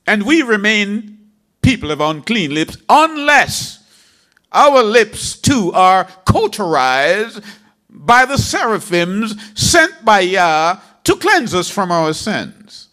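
A man's voice: high voice, very animated, slow pace, bright, forceful tone. A man preaching a sermon, reading scripture in a dramatic, emphatic way.

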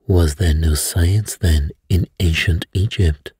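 A man voicing a calm, fastidious older detective who questions softly and placidly. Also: low-pitched, husky, dry recording, studio quality, exaggerated voice. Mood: calm probing.

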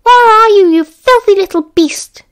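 A woman's voice: very high-pitched, measured pace, voice pushed up. A woman voicing a cruel orphanage matron with a nasal, screeching voice. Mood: menacing.

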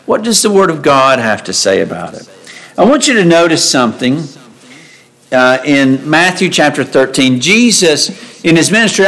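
Male preacher, mid-pitched voice, conversational delivery with rhetorical questions, reads scripture aloud in a church service. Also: a bit bright, low-quality recording. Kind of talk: sermon. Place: church sanctuary.

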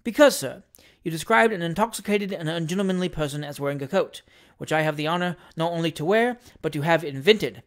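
A reader voicing a timid young gentleman who speaks with stiff, formal dignity. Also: mid-range voice, a little fast, natural voice. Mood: dignified. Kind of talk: audiobook reading of a classic novel.

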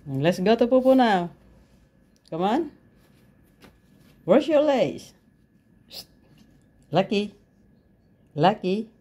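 A woman's voice: mid-range voice, very animated, slow, long pauses, dark tone. A woman vlogger talking baby talk to her dog at home, mixing Tagalog and English. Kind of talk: casual pet vlog, talking to her dog. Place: home, indoors.

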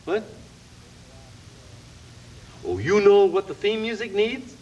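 A man's voice: sits high, expressive, slow, darkish tone. A man voicing a scheming male puppet dragon who runs the show in a 1970s television puppet comedy, coaxing and stammering as he talks. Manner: flustered, coaxing, stammers and restarts. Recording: dull lo-fi broadcast tape.

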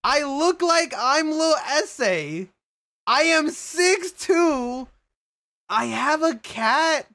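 A young man of Mexican heritage chatting profanely with his livestream viewers, excitable and prone to sudden shouts and laughter. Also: extremely high pitch, very slow. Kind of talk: casual livestream chat with viewers.

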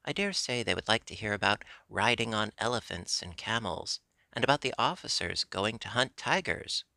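A man's voice: on the low side, expressive, normal speed, gravelly, pushed and bright, dry recording, full character voice. A man reading a curt, lonely little girl, in a dry, close audiobook recording.

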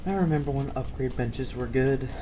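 A man's voice: mid-range voice, brisk, very noisy. A man casually commenting on his own gameplay, rambling and playful as he talks to himself. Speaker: gamer. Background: game music.

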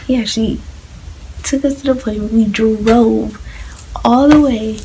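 A teenage girl telling her own story in a vlog, soft-spoken and emotional, often dropping to a near-whisper. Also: on the high side, fairly even intonation, measured pace, slight background noise, low-quality recording. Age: teens. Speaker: vlogger.

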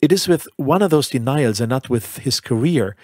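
A man reading a classic short story aloud in measured, deliberate narration. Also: medium pitch, animated, a little mellow, no echo, studio quality. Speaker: audiobook narrator. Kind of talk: scripted literary narration.

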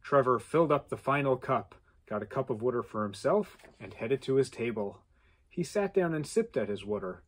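A man reading a contest story aloud with animated delivery and playful asides. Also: medium pitch, moderate pace. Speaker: contest entry reader.

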